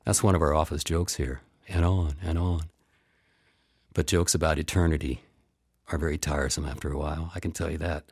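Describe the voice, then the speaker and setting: A man with a low, husky voice tells a first-person story, wry and meandering, circling back on his own phrases. The sound is close and dry, with no room around it. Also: no echo.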